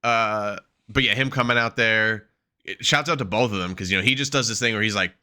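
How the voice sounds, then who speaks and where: A podcast co-host on a wrestling show chats casually, swearing freely and laughing often while acting out quotes. His voice is fairly low, brisk, pushed and bright.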